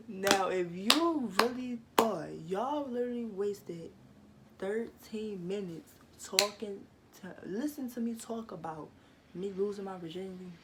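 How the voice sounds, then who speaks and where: A woman's voice: medium pitch, slow, heavy background noise. A young adult woman vlogger telling a storytime to camera in slangy, playful speech, teasing her viewers. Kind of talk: casual storytime monologue to camera.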